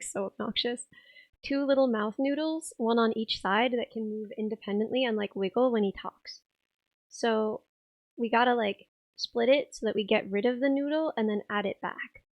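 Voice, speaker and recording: A young woman with a hoarse, raspy voice, chatting casually on a live stream and laughing as she reads chat. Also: a little high, no echo. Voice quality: rough, raspy voice. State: hoarse, tired voice.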